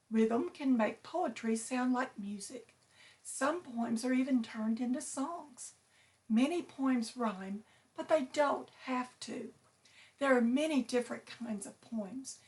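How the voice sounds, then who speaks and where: A woman teacher reading a picture book aloud to her students, slow and clear, stressing each syllable. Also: high voice, a little mellow.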